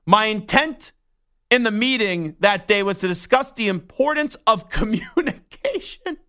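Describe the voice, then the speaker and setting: A man's voice: high voice, lively intonation, measured pace, bright, forceful tone. A young adult man hosting a sports talk show, ranting in an indignant, worked-up way. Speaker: sports radio host. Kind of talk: heated talk-show rant.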